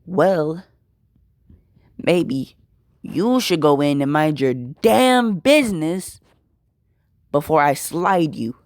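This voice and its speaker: Man playing a cocky teen hero in a casual fan story, slow, relaxed tone. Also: on the high side, no room sound, studio quality, pitched above the performer's own voice. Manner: laid-back, cocky.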